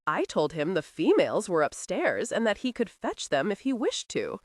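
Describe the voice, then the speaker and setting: A woman's voice: mid-range voice, sing-song, moderate pace, dry recording, clean studio sound. A woman voicing a fussy, very old male housekeeper who speaks in a prim, reproachful, formal way in an audiobook.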